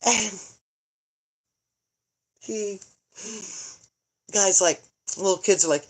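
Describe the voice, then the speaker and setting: A woman's voice: mid-range voice, takes it slowly, pauses often, darkish tone. A middle-aged woman chatting casually on a livestream, joking, rambling and answering viewer comments as she goes. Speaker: vlogger, grandmother. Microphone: phone.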